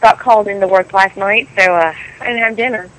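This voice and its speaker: Wry bright-voiced speaker. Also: mid-range voice, fairly even intonation, fairly quick, rough recording. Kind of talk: casual chat among friends.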